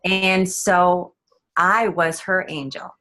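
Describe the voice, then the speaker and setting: Halting, low-voiced woman storyteller. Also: steady tone, sharp tone, faint music behind. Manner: halting, with many ums and restarts. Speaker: guest author. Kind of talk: telling a personal story in an interview.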